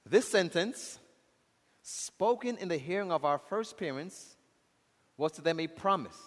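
High-pitched man preaching, gets loud then goes real quiet, calls out to the church, lots of hall echo. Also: expressive, unhurried. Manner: impassioned, rises loud then drops low and soft; calls out to the congregation. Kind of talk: sermon. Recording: long hall reverb.

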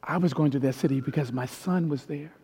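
A middle-aged man preaching a storytelling sermon as a pastor, swinging from hushed tones to loud peaks. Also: a little high, fast. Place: large church hall. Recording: long hall reverb with faint piano. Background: soft piano.

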